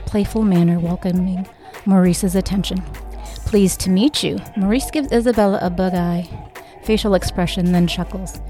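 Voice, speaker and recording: A woman's voice: fairly low pitch, warm tone. A woman reading her own novel aloud, narrating and giving the characters' lines with small lifts in her voice. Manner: reads every character in a near-natural voice with small lifts for dialogue. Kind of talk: audiobook read-aloud narration.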